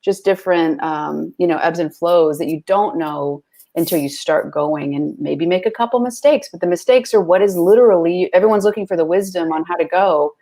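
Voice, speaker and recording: Chatty woman guest, slightly low voice. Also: a little fast, warm tone. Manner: chatty, full of fillers like "like" and "you know". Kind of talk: casual conversation.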